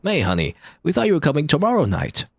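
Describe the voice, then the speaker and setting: Man doing a gentle fond father. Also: on the high side, wildly swooping pitch, quick pace, gravelly, breathy edge, no room sound, studio quality, pitched above the performer's own voice, exaggerated voice.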